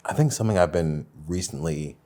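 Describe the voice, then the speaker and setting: A young adult man hosting a podcast, talking in a reflective, soft-spoken, heartfelt way. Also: low voice, a little fast. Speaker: podcast host. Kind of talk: casual heartfelt conversation.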